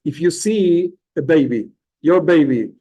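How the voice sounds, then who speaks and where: Animated middle-aged rabbi teaching. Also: male voice, fairly high pitch, unhurried, breathy edge, poor audio. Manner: animated, repeats words, restarts phrases. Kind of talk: religious lesson.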